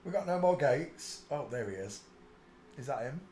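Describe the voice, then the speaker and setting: A man's voice: mid-range voice, lively intonation, normal speed, dark tone. A man hosting a casual live stream, mocking what he sees on screen and mumbling to himself as he searches. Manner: mocking, laughs a lot, mutters to himself. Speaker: channel host. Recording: roomy echo with faint background noise.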